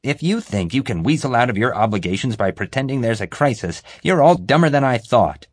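A man's voice: medium pitch, very animated, a little fast, no room sound, studio quality, pitched above the performer's own voice. A man voicing a stern, disdainful woman with a sneering, condescending manner. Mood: scornful.

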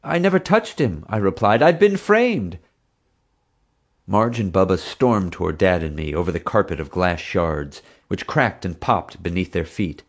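A man narrating an audiobook in an expressive, dramatic manner. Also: deep voice.

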